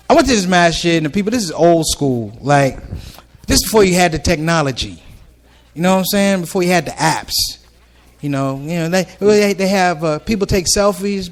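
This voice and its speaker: A man telling stand-up stories to a live ballroom audience in a casual, conversational way, jumping in and out of voices. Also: high voice. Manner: conversational, animated, jumps between voices. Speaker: stand-up comedian.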